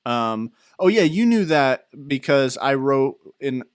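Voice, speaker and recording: A young man in his twenties co-hosting a podcast, telling rambling, animated stories with fillers and laughs. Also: mid-range voice, slow pace, smooth, no echo, clean studio sound. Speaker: podcast co-host. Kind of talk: casual chat.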